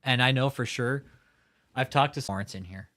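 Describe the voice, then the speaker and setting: A livestream host delivers angry commentary in a heated, profane rant, swearing frequently. His mid-range voice sounds pushed and bright, at a normal speed.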